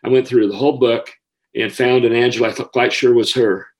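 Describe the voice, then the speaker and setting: A man's voice: medium pitch, steady tone. Earnest man telling a heartfelt story. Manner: earnest, emotional, halting restarts. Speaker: school counselor. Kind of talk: personal storytelling.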